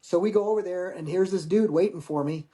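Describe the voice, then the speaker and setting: Middle-aged male veteran, guest spot, loose swear-heavy anecdotes, voices the people he quotes, a touch high-pitched. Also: brisk. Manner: profane, animated anecdote-telling with acted quotes. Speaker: podcast guest, Marine veteran. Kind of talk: casual storytelling.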